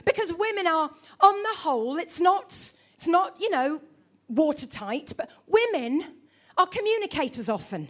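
Woman, middle-aged, very high voice, sermon, playful, teasing, church. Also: moderate pace. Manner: lively, humorous, teasing the congregation. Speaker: preacher. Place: church before a congregation.

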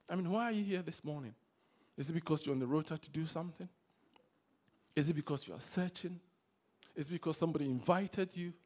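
A man preaching a sermon to a congregation, swinging between loud exhortation and quiet asides. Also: high voice. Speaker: pastor. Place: church service.

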